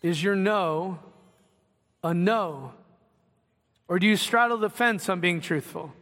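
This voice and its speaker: A man's voice: high voice, slow, a bit bright. A young man preaching a sermon in a church, in a conversational style with asides and acted-out quotes. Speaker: pastor. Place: church sanctuary. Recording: long reverb of a hall.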